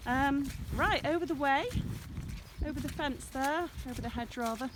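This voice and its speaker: A chatty woman with a slightly high voice walks through her farm fields, filming herself on a handheld camera. She talks in a meandering, affectionate way about her plants and animals. Faint rural sounds carry on softly behind her in the open air. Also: normal speed, noisy background. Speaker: shepherdess showing her smallholding. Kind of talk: casual walking tour vlog.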